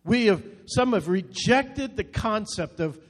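Brief: male pastor, high voice, earnest sermon delivery with repeated short appeals, long reverb on the voice. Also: animated, unhurried.

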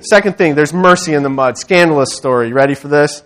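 Animated high-voiced male preacher. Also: brisk. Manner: animated and conversational, swinging from loud rallying to quiet storytelling. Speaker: church speaker. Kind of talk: sermon.

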